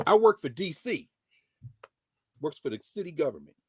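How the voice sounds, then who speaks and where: A middle-aged man, a professor telling a story dramatically, dropping to a hush and rising to shouts as he quotes people. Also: on the high side, sing-song, moderate pace, noisy background. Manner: dramatic retelling, voicing others in quotes, swinging from hushed to shouting. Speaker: professor and regular guest. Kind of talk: animated storytelling lesson.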